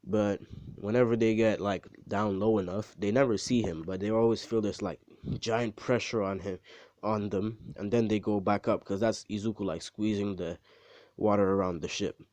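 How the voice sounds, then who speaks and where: A man's voice: fairly low pitch, steady tone, moderate pace, a little mellow, no room sound. A man telling a story casually, rambling and swearing, with lots of fillers and restarts. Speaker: video creator.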